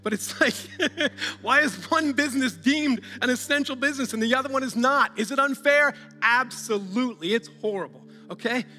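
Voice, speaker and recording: A man's voice: very high-pitched, normal speed, sharp tone, big-room sound. A man preaching a sermon as pastor, exhorting the congregation, calling out to them often and laughing between points.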